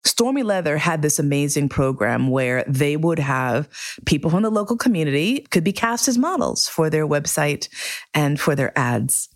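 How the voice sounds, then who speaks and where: A middle-aged woman hosting a podcast, telling a candid, profane personal story with lively acted-out quotes. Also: low voice, moderate pace. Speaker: podcast host.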